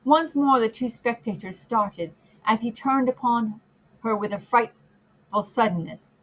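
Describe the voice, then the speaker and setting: A woman narrating a classic novel as an audiobook, reading in a measured, expressive way. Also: a little high, rough recording. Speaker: audiobook reader.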